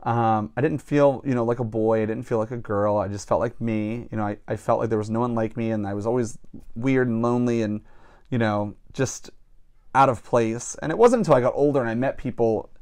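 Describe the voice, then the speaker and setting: A man's voice: medium pitch, brisk, a little mellow, smooth. Male-sounding voice, non-binary drag performer, reflective, documentary interview. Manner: reflective, personal, many you-knows.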